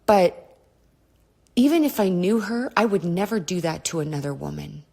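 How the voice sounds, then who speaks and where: A woman's voice: lowish voice, moderate pace, vocal fry, a little mellow. Blunt, swearing woman telling her story. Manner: candid and blunt, swears often, digresses. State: clearing her throat often. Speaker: podcast host. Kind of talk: personal storytelling monologue.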